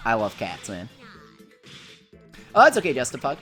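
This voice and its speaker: A woman from the United States hosts a laid-back gaming livestream, chatting warmly and reading viewer messages aloud. Her voice sits low for a woman. Faint game music plays quietly behind her. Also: wildly swooping pitch, normal speed. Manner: chatty, reads chat aloud, gushes over pets. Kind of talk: casual livestream chat reading viewer comments.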